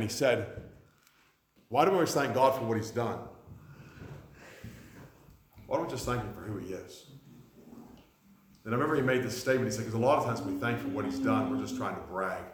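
A preacher in his forties delivers a sermon in a lowish voice, telling stories and putting on the voices of the people in them. The sound is roomy, with the echo of a church hall around him. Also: fairly quick, pauses often, slight background noise. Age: 40s. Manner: storytelling, acts out quoted voices. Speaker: pastor.

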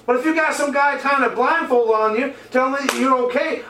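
High, bright-voiced fervent male preacher. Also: animated, brisk, distant mic, slight background noise, rough recording. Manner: fervent, rhetorical questions, reads scripture aloud. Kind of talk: sermon.

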